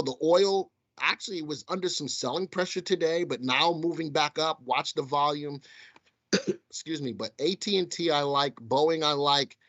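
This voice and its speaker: A man's voice: a little high, a bit bright, lo-fi sound. A man with a Southern accent hosting a live stock market show, talking casually to viewers he calls folks. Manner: chatty, addresses viewers as folks. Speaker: stock market livestream host. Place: studio.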